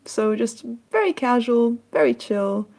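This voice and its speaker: Young woman with a German accent, slightly high, chatty and quick to laugh, on a small USB mic. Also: lively intonation, gravelly, darkish tone. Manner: giggly, laughs often. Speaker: guest musician. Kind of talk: casual live-stream chat.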